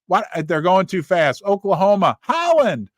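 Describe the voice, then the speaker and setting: A middle-aged man with a fairly high voice hosts a livestream in a casual chat. His pitch swings widely as he reads out viewers' names and places in quick, animated bursts. The sound is close and dry. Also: no room sound. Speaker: livestream host.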